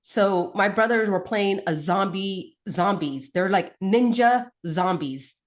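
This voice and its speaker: A woman, a guest on a talk show, telling a childhood story in a casual, animated way with lots of fillers and restarts. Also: mid-range voice, slow pace. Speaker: podcast guest, mother.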